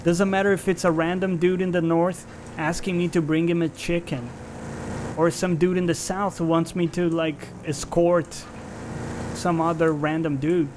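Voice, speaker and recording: A man's voice: fairly high pitch, flat delivery, moderate pace, background noise. A male game streamer giving casual, sarcastic, profane live commentary while playing and chatting with viewers.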